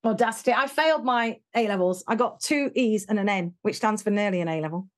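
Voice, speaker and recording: Animated English woman telling her story. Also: mid-range voice. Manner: animated, frank, voices quoted people, quick laughs. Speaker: guest. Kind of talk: personal storytelling in an interview.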